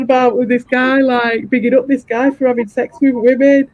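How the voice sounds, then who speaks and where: A man's voice: very high voice, little pitch movement, moderate pace, hardly any pauses, darkish tone, dry recording. A man hosting a livestream, ranting sarcastically and swearing a lot, mocking people in put-on voices. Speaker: livestream host. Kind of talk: heated livestream rant. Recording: dull lo-fi stream audio.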